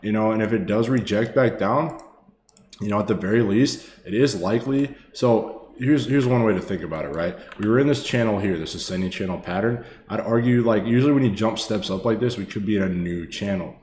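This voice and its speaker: A man's voice: on the low side, brisk, darkish tone. A man casually talking viewers through stock charts on a live stream, swearing freely and calling them brother and boss. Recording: echoey room with faint ambience.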